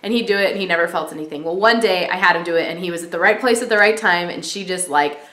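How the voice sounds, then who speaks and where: A woman's voice: on the low side, quick pace, a bit bright. A young pregnant woman vlogging in a casual, chatty way, full of "like" and "you know.". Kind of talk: casual chat. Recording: echoey room.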